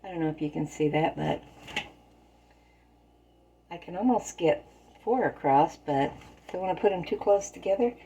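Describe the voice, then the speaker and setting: A woman's voice: lowish voice, expressive, moderate pace, pauses often, mellow, rough recording. A woman telling folksy stories in plain, rural turns of phrase while she bakes in her home kitchen. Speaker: storyteller and home baker. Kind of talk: casual spoken storytelling while baking.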